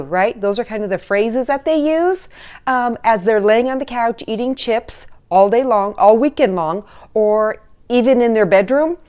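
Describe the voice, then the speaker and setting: A woman with a slightly high voice talks straight to parents in a casual, chatty way. She keeps checking in with "okay?" and "all right?" while she offers coaching advice. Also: a little mellow, clear, resonant tone. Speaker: teen relationship coach. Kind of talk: casual advice talk to camera.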